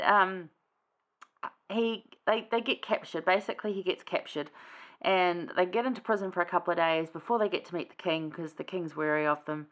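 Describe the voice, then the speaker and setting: Woman, casual scripture commentary, rambling, lots of ums and asides, mid-pitched. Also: fairly bright tone. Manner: chatty, rambling, many fillers and asides. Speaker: scripture study host.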